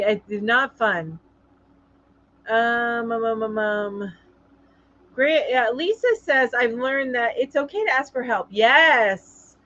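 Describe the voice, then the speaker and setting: A woman hosting a casual live-stream chat, reading viewer comments aloud in a chatty, sympathetic way, halting with many ums. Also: fairly high pitch, fairly bright tone, lo-fi sound, slight background noise. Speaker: live show host.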